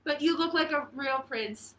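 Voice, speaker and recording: A woman reading aloud and voicing a clever, bold young princess who flatters and outwits. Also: high voice, normal speed, recorded from a distance, voice pushed up, low-quality recording. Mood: cutting. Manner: eager, flattering.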